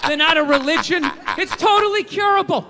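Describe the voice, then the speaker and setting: A middle-aged man performing stand-up comedy, ranting and profane, often shouting. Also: extremely high pitch, fairly quick, in a large hall, background noise.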